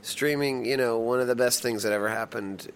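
A man's voice: medium pitch, a little fast, a little hiss or hum. A middle-aged man, a touring musician from the United States, talking casually in an interview and rambling with restarts and fillers.

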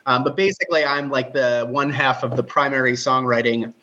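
A young man with a relatively high, nasal voice, chatting animatedly as a guest on a remote interview. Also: dull audio. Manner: fast, animated, talkative, self-deprecating. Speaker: guitarist and songwriter, guest. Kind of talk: casual interview chat.

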